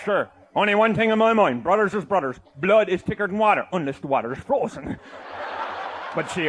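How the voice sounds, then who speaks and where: Newfoundland guy spinning a tall tale, real high voice, hollering and laughing as he goes. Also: slight background noise. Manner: boisterous, often shouting and laughing mid-sentence. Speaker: comic storyteller. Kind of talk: comic tall-tale storytelling.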